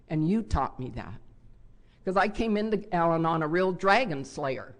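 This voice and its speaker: Gravelly older woman telling her story. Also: on the low side, animated, moderate pace. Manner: candid, heartfelt storytelling. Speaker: recovery convention speaker. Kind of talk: personal share talk. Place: hotel convention ballroom.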